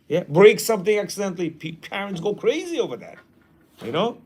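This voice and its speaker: A man's voice: high-pitched, very animated, a little fast, darkish tone, slightly rough. A man teaching a class in a casual way, reading a passage aloud and then commenting, often acting out quoted lines.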